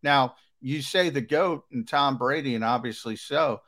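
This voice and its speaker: A man's voice: mid-range voice, measured pace, fairly bright tone. A man co-hosting a sports talk show, arguing bluntly about the rules and swearing casually.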